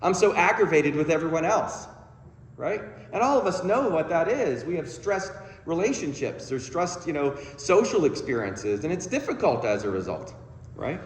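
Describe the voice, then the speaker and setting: A man's voice: fairly high pitch, very animated, normal speed, slight background noise. Man speaking in an echoey hall. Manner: conversational, self-deprecating, frequent "okay?" asides. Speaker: guest speaker, therapist. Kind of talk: sermon-style talk with humor. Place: church sanctuary. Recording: roomy hall reverb, faint ambience.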